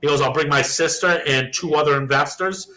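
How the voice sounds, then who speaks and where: Casting: young adult male co-host, a bit high and very bright, profane, animated storyteller. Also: fairly quick, low-quality recording. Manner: profane, animated storyteller who acts out quoted dialogue. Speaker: podcast co-host. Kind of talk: casual storytelling chat.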